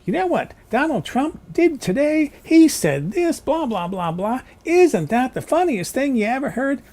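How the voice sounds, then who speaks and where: A man's voice: very animated, measured pace, a little mellow, full character voice. A man mimicking a snide, sing-song woman news anchor. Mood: gleeful mockery. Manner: high, sing-song, sarcastic delivery.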